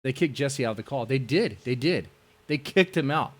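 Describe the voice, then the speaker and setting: A man commenting on a live stream in a sarcastic, mocking way. His pitch rises and falls a lot. He keeps the talk casual and teasing. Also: moderate pace. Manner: sarcastic, mock voices, lively swings in tone. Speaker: stream host reacting to a debate.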